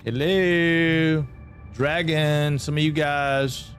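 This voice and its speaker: A man's voice: on the high side, fairly even intonation, very slow, soft background music. A man from Georgia, chatting casually with viewers while streaming a game and often repeating himself. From Atlanta, Georgia.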